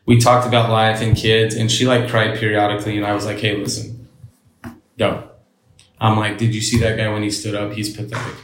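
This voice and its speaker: A man's voice: on the low side, roomy sound, slight background noise, rough recording. Blunt, profane man telling a story. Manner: blunt and profane, retells with quoted dialogue. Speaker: interview guest. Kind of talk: casual storytelling.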